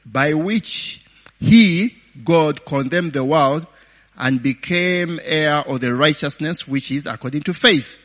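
Slow, bright-voiced man preaching in a reverberant hall. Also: a little high. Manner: chatty, laughing asides, many "eh?" and "okay?" tags; call-and-response questions to the audience. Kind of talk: sermon.

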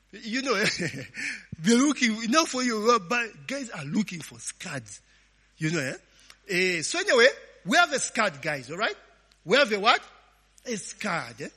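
A middle-aged pastor with a Ugandan English accent gives a conversational sermon, laughing often and inviting the congregation to finish his sentences through call-and-response questions. His voice is high-pitched, pushed, bright and husky, and the recording carries a long hall reverb.

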